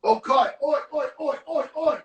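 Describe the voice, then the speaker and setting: A man hosting a casual livestream cooking class, talking in a goofy, playful way with mock-rough slang. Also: very high-pitched, normal speed, background noise.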